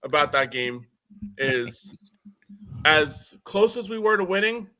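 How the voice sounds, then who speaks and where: A man on a sports podcast panel, giving measured, analytical breakdowns of a game. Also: a little high, animated, bright, forceful tone. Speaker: panelist, Jets fan.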